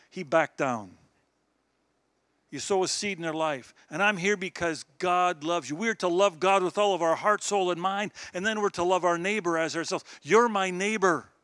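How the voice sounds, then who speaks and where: A man's voice: on the high side, a bit bright, no room sound. A man of sixty giving an earnest, exhorting sermon to a church youth group. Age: 60s. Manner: earnest, exhorting, chuckles between points. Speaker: guest speaker.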